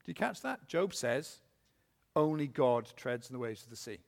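Gravelly preacher in a reverberant church. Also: male voice, medium pitch, very animated. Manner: earnest, questioning the congregation, reading scripture slowly with emphasis. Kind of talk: sermon. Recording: long hall reverb.

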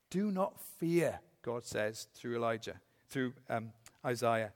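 A man preaching a sermon, earnestly asking the congregation questions and reading scripture slowly with emphasis. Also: mid-range voice, expressive. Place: church. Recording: long hall reverb.

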